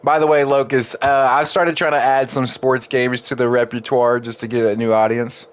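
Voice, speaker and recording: With a medium pitch, level tone, and clean sound, this man talks at a moderate pace while streaming a football video game. His casual chat with viewers and his opponent rambles, leans heavily on fillers, and includes friendly asides to viewers, recorded on a desk mic in a home streaming room.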